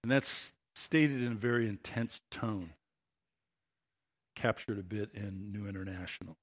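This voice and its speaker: Pastor preaching with rising passion. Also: male voice, on the low side, unhurried. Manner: conversational, building to impassioned emphasis. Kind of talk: sermon.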